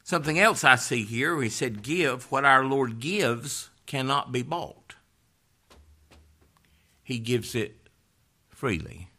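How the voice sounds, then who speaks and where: A man preaching a sermon, rising to loud fervent peaks and dropping to hushed, low emphasis. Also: animated, takes it slowly, pauses often.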